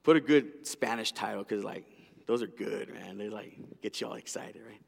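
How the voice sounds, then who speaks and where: Gravelly male pastor preaching, lively swoopy delivery, long echo of a big hall. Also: mid-range voice, moderate pace. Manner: animated storyteller, acting out voices; lively delivery that drops to hushed intensity. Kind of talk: sermon. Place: large church hall.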